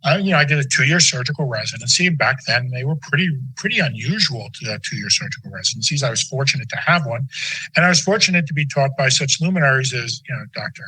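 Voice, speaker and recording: Bright-voiced man in his sixties lecturing. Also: medium pitch, lively intonation, fast, slightly rough, rough recording. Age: 60s. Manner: anecdotal, folksy asides. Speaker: medical lecturer. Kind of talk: conversational lecture.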